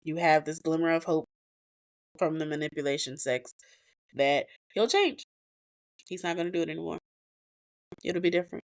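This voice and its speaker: A woman's voice: low-pitched, moderate pace, long pauses. A woman hosting a podcast, telling a personal story in a blunt, profane, emotional way with emphatic repetitions. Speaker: podcast host.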